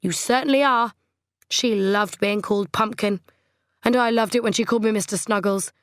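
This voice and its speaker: A woman's voice: medium pitch, moderate pace, dry recording, clean studio sound, lightly acted. A woman voicing a fussy, petulant middle-aged widower in an audiobook, whining and aggrieved. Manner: whiny, indignant, aggrieved. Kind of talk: audiobook character voice.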